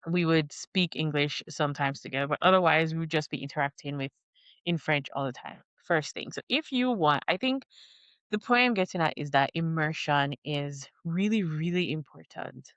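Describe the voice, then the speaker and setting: A young woman vlogging in casual chat, rambling with lots of fillers and restarts, recorded close in a quiet room. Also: deep voice, clean tone, no room sound, lo-fi sound. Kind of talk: casual talking-head chat.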